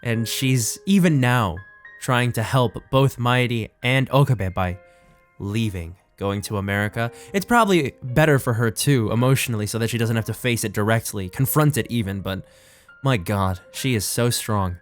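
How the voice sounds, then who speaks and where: A man's voice: mid-range voice, lively intonation, moderate pace, soft background music. A man reading a visual novel aloud as a game streamer, adding emotional, reflective asides.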